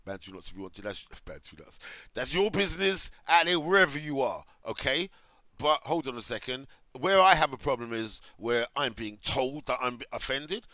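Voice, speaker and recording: A man's voice: medium pitch, expressive, moderate pace, bright, forceful tone, dry recording. A middle-aged man from Jamaica giving off-the-cuff commentary, reading articles aloud and reacting with sarcasm. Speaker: commentary host.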